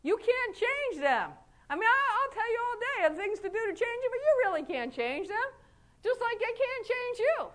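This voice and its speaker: A middle-aged woman chiropractor giving a folksy, animated motivational talk, laughing often and acting out quotes. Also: very high-pitched, normal speed. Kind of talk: motivational speech to an audience.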